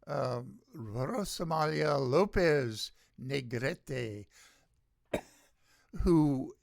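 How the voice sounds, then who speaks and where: This gravelly-voiced older man from the United States hosts his own podcast and rants alone, sardonic and halting, with frequent pauses while he hunts for words. His pitch runs a little high and his pace is unhurried. Miked close and dry, the audio has no echo.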